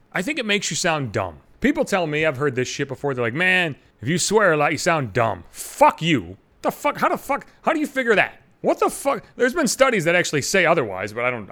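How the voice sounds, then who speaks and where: A man's voice: on the high side, a bit bright. A man hosting his own podcast, delivering an exasperated comedic rant full of swearing and slightly slurred words. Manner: swears constantly, exasperated ranting. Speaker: podcast host.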